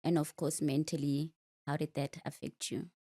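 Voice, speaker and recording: A woman's voice: low voice, level tone, normal speed, dark tone. A woman, a Sotho speaker, hosting a podcast interview with friendly, chatty questions. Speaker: podcast host. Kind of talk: casual interview.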